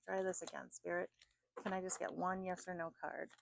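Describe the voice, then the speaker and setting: A woman's voice: lowish voice, little pitch movement, brisk, gravelly, a little hiss or hum. A woman giving a chatty oracle card reading, thinking aloud with fillers and restarts. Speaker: tarot card reader.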